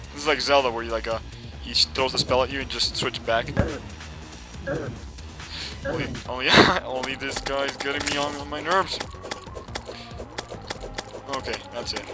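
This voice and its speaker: A young man giving casual, excitable commentary over his own gameplay, laughing often and talking back to enemies on screen, with game music playing behind him. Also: mid-range voice, moderate pace, pauses often. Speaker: gameplay video host. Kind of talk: casual let's-play commentary.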